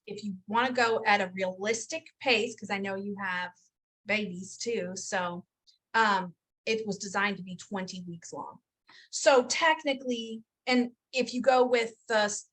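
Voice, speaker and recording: Chatty upbeat woman running a video call, bright tone. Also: medium pitch. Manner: upbeat, chatty, laughs often, teasing. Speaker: host of a health coach program info session. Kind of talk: casual video call presentation.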